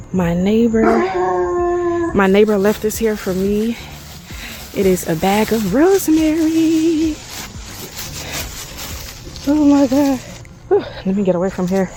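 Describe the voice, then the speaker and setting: A woman chatting excitedly to her viewers as she walks through her backyard garden. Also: mid-range voice, background noise. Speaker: garden vlogger. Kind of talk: casual garden vlog.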